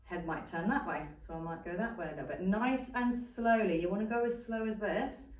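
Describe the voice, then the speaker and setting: A woman's voice: fairly low pitch, lively intonation, quick pace, darkish tone. A woman dog trainer giving a patient, step-by-step demonstration lesson and repeating her key points. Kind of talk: instructional demonstration. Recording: roomy sound from a distant mic.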